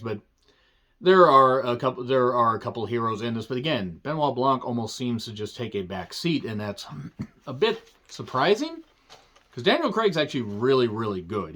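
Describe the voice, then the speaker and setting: A man's voice: medium pitch, pushed and bright. A man giving a casual spoken movie review, rambling and digressive, with offhand jokes and casual swearing.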